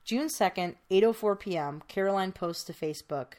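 A woman's voice: medium pitch, normal speed, few pauses, darkish tone. A woman podcast host telling a true crime case in casual, chatty storytelling, with many fillers.

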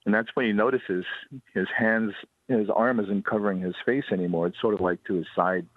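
A man, a ghost tour guide telling a ghost story on a radio interview in a steady, unhurried way. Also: lowish voice, no room sound. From Hawaii. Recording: dry, tinny phone line.

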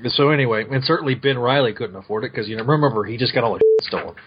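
A man's voice: mid-range voice, rapid-fire, slight background noise. A man hosting a podcast, recapping a comic in casual, rambling chat that corrects itself and often breaks into laughs. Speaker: podcast host. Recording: muffled lo-fi podcast mic.

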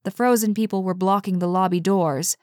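A woman narrating a suspenseful story in a steady, measured way. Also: mid-range voice, dry recording, clean studio sound. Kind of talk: audiobook narration.

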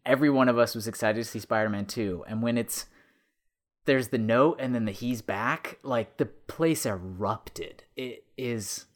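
Brief: man, podcast co-host, mid-pitched, chatty, rambling enthusiasm. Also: moderate pace. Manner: rambling, warm enthusiasm, restarts. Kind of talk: casual film discussion.

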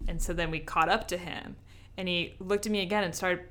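Jeune femme à la voix un peu grave, bavardage décontracté et décousu. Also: female voice, on the low side, steady tone, brisk, a bit bright. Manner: casual, heavy use of "like", rambling. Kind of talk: casual chat.

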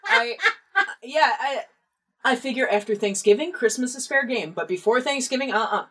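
A woman's voice: high voice, big pitch swings, normal speed, background noise. A woman co-hosting a podcast, chatting casually and giggling, sometimes tripping over her words, recorded in a home basement. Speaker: podcast co-host. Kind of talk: casual chat.

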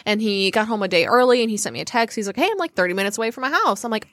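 A young woman from Michigan telling a candid personal story in an animated way, often quoting others in voices and laughing. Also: medium pitch, racing, no echo, clean studio sound.

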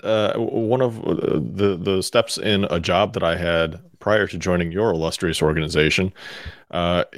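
A man's voice: low voice, no echo, clean studio sound. A man co-hosting a radio show, chatting casually and often restarting his words. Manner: halting, restarts words, good-humored. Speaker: co-host. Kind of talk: casual chat.

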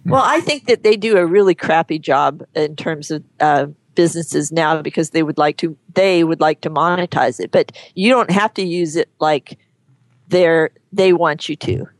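A woman guest on an interview show, talking frankly and chattily, often pausing and restarting her sentences. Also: low-pitched, no room sound. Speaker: guest, horse photographer. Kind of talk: casual interview chat.

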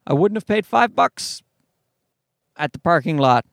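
A man's voice: on the high side, sing-song, unhurried, vocal fry, dry recording, studio quality. A man telling a story as an exasperated, profane rant. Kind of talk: comic ranting anecdote.

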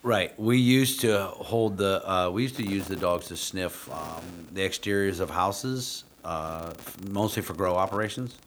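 A man with a very deep voice speaks in a relaxed, unhurried way. He chats casually as a co-host and recalls past work. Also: slight background noise. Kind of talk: casual podcast chat.

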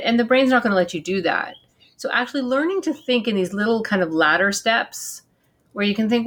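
A woman who works with parents and kids, explaining with earnest, animated asides as an interview guest. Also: medium pitch.

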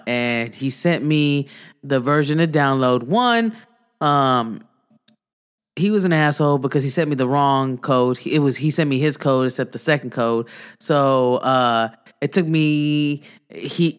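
A man's voice: medium pitch, unhurried, fairly bright tone, clear, resonant tone. A man hosting a podcast in casual chat, rambling and joking, fumbling for words. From Iran. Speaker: podcast host.

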